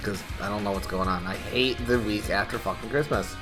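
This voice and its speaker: A man co-hosting a podcast in casual chat, with a dry manner that trails off quietly. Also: fairly low pitch, brisk, over music. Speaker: podcast co-host.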